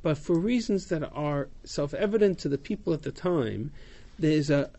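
Speaking at a moderate pace, this man has a slightly high, warm, expressive voice. As the teacher of a text-study class, he reads verses aloud, translates and explains them, and answers student questions casually.

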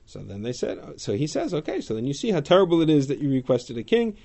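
A man teaching a text-study class, reading Hebrew verses aloud and paraphrasing them in an animated way. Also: a little high, quick pace, vocal fry. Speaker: Torah teacher.

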